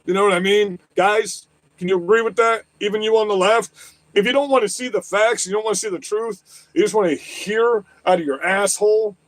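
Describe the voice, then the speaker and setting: Guy ranting on a stream, cursing a lot, high-ish voice, super dry sound. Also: brisk, dry recording. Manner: agitated, swears constantly, repeats questions. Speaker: livestream host. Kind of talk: profane political rant. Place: lives in southwest Florida.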